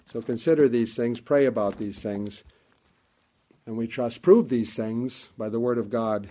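A male pastor preaching a sermon with passion, repeating phrases for emphasis, rising loud and falling to a hush. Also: measured pace. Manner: impassioned preaching, swells high and loud then drops low and soft.

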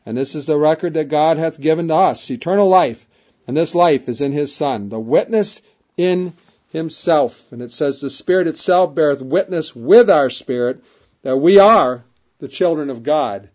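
A man's voice: fairly high pitch, moderate pace, darkish tone. A man preaching a sermon, reading King James scripture aloud and repeating key phrases for emphasis. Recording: dull lo-fi recording.

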